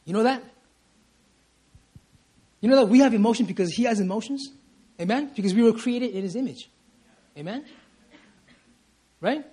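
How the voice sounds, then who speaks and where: Man, preacher, sermon, high voice, husky, emphatic, repeats himself, calls for amen. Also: normal speed, long pauses, dark tone. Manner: emphatic, repeats lines and asks "Amen?" for response; stumbles and restarts phrases in bursts of feeling. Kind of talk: sermon at a prayer meeting. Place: church service.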